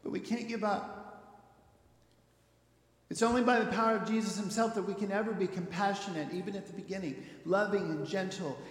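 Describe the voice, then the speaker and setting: A man with a high voice preaches a sermon, earnest and emphatic. His voice carries loud peaks when he stresses a point. The sound is roomy, with a long hall reverb around him. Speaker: pastor.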